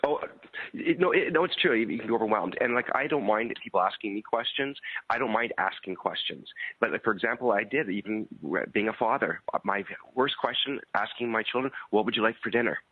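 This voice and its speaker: A middle-aged man chatting casually as a guest on a radio talk show, talking quickly, repeating words and laughing often. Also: lowish voice, animated, husky, no room sound. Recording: dry phone-line audio.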